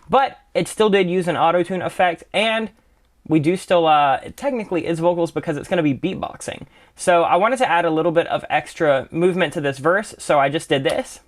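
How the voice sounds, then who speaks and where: In this laid-back screen-share tutorial, a young guy talks fast in a somewhat high voice as he shows off his music production plugins. His conversational style leans heavily on "kind of" and repetitions such as "really, really," like a friendly tutor explaining how he works.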